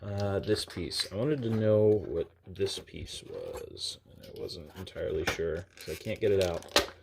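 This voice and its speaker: A man's voice: deep voice, animated, unhurried, gravelly, noisy background. A man casually talking through an unboxing, chatty and self-deprecating, thinking aloud with lots of fillers as he handles small parts at a desk. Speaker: diecast collector channel host.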